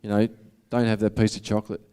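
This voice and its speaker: A man's voice: fairly low pitch, flat delivery, quick pace, mellow, clear, resonant tone. A man with an Australian accent giving a motivational talk to an audience, in a casual, earnest, conversational way. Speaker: motivational speaker.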